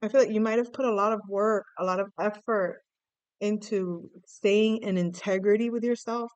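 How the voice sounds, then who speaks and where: A woman with a smooth, clear voice gives a casual tarot reading straight to her viewers. She muses and thinks aloud, restarting her sentences as feelings come up. The sound is dry and close. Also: medium pitch, steady tone, normal speed, a little mellow, no room sound. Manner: musing and emotive, thinking aloud with frequent restarts. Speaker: tarot reader.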